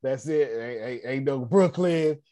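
A man hosting a casual personal finance class on a video call, slangy and animated, talking straight to his group. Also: medium pitch, a little slow, a crowd in the background.

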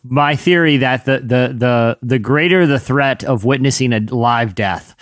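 A man's voice: medium pitch, unhurried, dry recording, studio quality. A man co-hosting a podcast, riffing animatedly on absurd ideas in casual chat. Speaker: podcast co-host.

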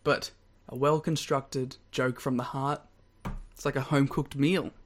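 A man, co-hosting a podcast in casual chat, lively and quick to laugh as he rambles through stories. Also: mid-range voice, a little hiss or hum. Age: 20s. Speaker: podcast co-host.

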